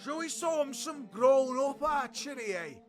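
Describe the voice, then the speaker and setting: A man's voice: very high-pitched, expressive, a little slow, faint music behind. A man voicing a brash, jaunty mercenary archer captain. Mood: swaggering.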